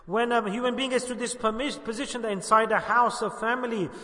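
A man delivers an impassioned sermon. His voice sits high and rises and falls as he acts out the voices of the people he quotes. The sound rings with the long reverb of a large hall. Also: fairly even intonation, brisk, pushed and bright. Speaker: preacher.

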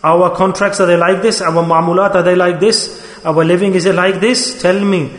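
A man's voice: sits high, flat delivery, fairly bright tone. A male preacher, telling a moral story in a sermon with urgent, repeated questions. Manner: urgent, questioning, repeats phrases, rapid bursts. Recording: echoey hall reverb.

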